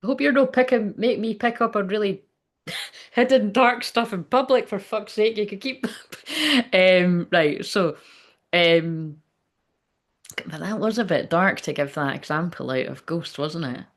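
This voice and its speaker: A woman's voice: medium pitch, unhurried. A woman hosting a medium's live stream in a rambling, candid way, reading viewer comments aloud and swearing freely. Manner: rambling, candid, swears freely, often asks "do you know what I mean".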